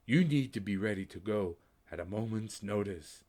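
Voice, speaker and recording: A man voicing a soft, ghostly woman in an orb. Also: on the low side, lively intonation, moderate pace. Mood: scolding. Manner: soft, gently scolding. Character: ghostly woman's face in an orb, gently scolding.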